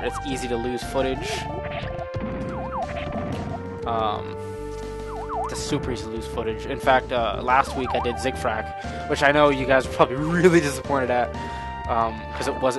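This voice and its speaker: A man giving casual, rambling let's play commentary, cursing at the game and easily startled. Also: mid-range voice. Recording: game music underneath.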